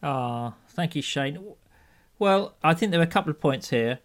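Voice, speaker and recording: Male co-host, somewhat high voice, halting delivery, dry wit. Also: lively intonation. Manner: hesitant, many ums and restarts, dry humour. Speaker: podcast co-host. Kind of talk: casual chat.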